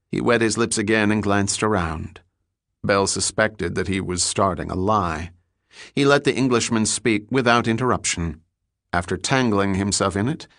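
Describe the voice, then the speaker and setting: A male audiobook narrator reading in a measured, even way. His voice sits low and is recorded close, with a dry, unechoing sound. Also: no echo. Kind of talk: scripted narration.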